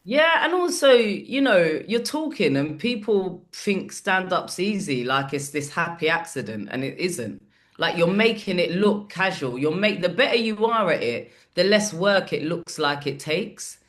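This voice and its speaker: Sweary, animated woman. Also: fairly low pitch, unhurried. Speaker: comedian guest. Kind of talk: casual podcast chat.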